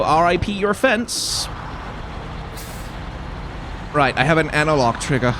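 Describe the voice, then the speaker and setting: A man with a mild Danish accent chats casually through a driving game. He thinks aloud in a rambling way and sometimes reads the on-screen instructions. His pitch sits in an ordinary middle range, with a faint hiss behind his voice. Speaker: YouTuber playing a driving game. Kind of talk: casual gameplay commentary.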